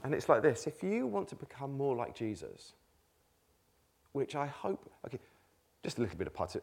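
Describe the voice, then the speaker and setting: A man delivering a conversational sermon to a live congregation, his pitch rising and falling in a very animated way. He keeps it informal with a self-mocking sense of humor and slips quick laughs in between his points. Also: vocal fry. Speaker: preacher. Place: church meeting with a live congregation.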